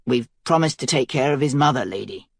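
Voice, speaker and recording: A woman voicing a gruff, protective male guard captain who murmurs low and quiet. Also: lively intonation, normal speed, no echo. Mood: somber.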